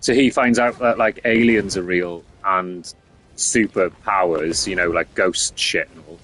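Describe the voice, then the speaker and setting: A man's voice: sits low, fairly even intonation, measured pace, fairly bright tone. A young man streaming a game, chatting casually with lots of fillers and swearing. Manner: rambling, sweary, filler-heavy. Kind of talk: casual chat.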